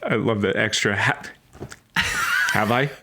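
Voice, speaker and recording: A man's voice: fairly low pitch, measured pace, sharp tone. A man co-hosting a podcast, reading scripture aloud and cracking playful jokes about it in casual chat. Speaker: podcast co-host.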